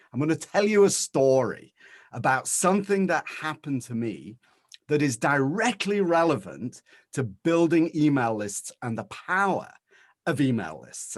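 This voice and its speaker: A man with an English accent, a guest on a webinar, telling a story in a chatty, animated way over a video call. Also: medium pitch, no echo, studio quality. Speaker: guest speaker.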